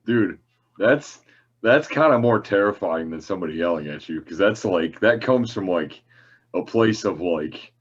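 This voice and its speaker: A man's voice: sits low, lively intonation, moderate pace, breathy edge, highs cut off. A man co-hosting a podcast in casual chat, laughing often between his words. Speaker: podcast co-host.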